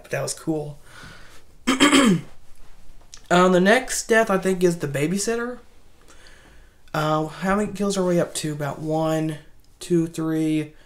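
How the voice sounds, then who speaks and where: A movie reviewer with a fairly low, darkish voice gives a casual spoken recap of a horror film's plot. Her delivery is loose, rambling and chatty, full of fillers, restarted sentences, self-corrections and side comments.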